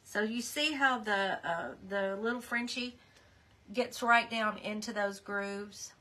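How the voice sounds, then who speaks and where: Woman craft livestream host: bright voice, slow and rambling, chatty with her viewers. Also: mid-range voice. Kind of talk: casual live craft demonstration.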